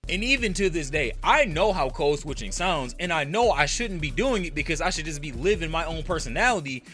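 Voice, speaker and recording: A man's voice: a little high, expressive, fairly quick, sharp tone. A young man from the United States speaking candidly in a personal vlog rant. He swears freely and breaks into emphatic outbursts. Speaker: content creator.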